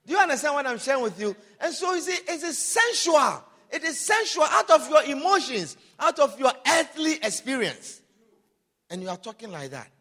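A man preaching a sermon, emphatic and repetitive, calling out hallelujah and rising to loud, animated passages. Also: extremely high pitch.

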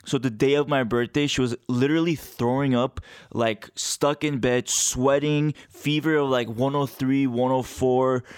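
A man co-hosting a podcast in casual chat, an animated storyteller who leans on fillers and laughs easily. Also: mid-range voice, measured pace, clean tone, dry recording, studio quality. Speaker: podcast co-host.

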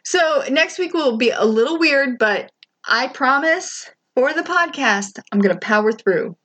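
A woman hosting a podcast, chatting casually about a TV show, laughing often and throwing in quick asides. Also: sits high, expressive, fairly bright tone. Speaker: podcast host. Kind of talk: casual chat recapping a TV show.

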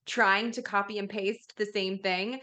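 A woman's voice: medium pitch, fairly even intonation, measured pace, bright, forceful tone. A woman hosting an interview podcast, enthusiastic and casual, with slangy chat. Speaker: podcast host.

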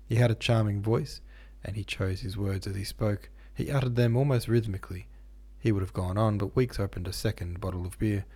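Low, husky male reader. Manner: steady, measured reading. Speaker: podcast host and reader. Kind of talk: audiobook narration.

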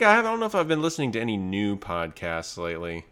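Lively, bright-voiced male podcast host. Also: lowish voice, fast talker, smooth. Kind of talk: casual chat.

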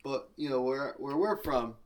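A man's voice: medium pitch, normal speed. A man co-hosting a podcast, talking in a laid-back, profane, agreeable way. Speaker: podcast co-host. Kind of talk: casual chat.

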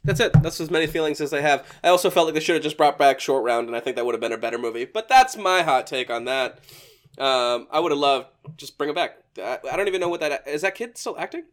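A man's voice: fairly high pitch, expressive, fast. A man hosting a podcast, chatting casually about a movie, laughing often and restarting his sentences. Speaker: podcast host.

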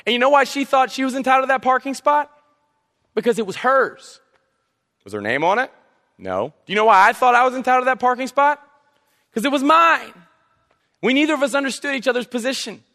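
A pastor from South Carolina, preaching a sermon through animated, humorous storytelling. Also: male voice, extremely high pitch, a little fast, vocal fry, long pauses. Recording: long reverb of a hall.

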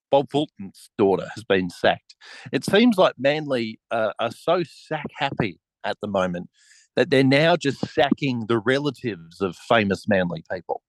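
A man's voice: medium pitch, lively intonation, a little slow, no room sound, rough recording. A man hosting a casual podcast chat over a remote call, asking questions in a wry, mock-serious way. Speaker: podcast host.

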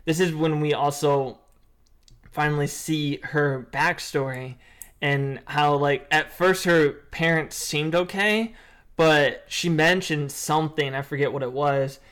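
A man with a slightly higher voice rambles through a casual chat about a show, full of fillers and gushing asides. He talks with feeling and keeps circling back to restart his thoughts. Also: fairly even intonation, measured pace, a bit bright, smooth. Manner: rambling, emotive, many fillers. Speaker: co-host. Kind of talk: casual anime review chat.

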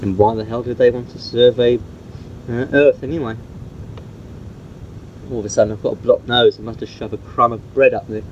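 A man talks his way through a homemade cassette message, rambling and padding with fillers. The sound is dull and muffled, with a light hiss under it. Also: medium pitch. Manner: rambling, chatty, with many fillers. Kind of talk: recorded cassette tape message.

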